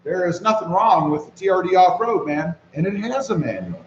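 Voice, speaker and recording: A man hosting a casual live stream, reading viewer comments aloud and greeting people by name in a relaxed way while he walks around with his phone. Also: sits high, brisk, echoey room, muffled recording, a little hiss or hum. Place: walking around outdoors.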